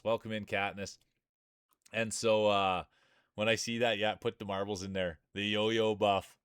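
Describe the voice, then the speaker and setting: A man's voice: lowish voice, a bit bright, clean tone, dry recording, studio quality. A man streaming live, doing playful, joking play-by-play commentary on marble races and chatting with viewers.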